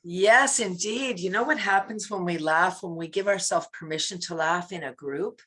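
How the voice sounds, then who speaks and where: Woman, laughter yoga teacher, talkative and giggly, bright tone, video call. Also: lowish voice, moderate pace, husky. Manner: chatty, laughs often, bursts into loud laughter chants. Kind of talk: casual interview chat.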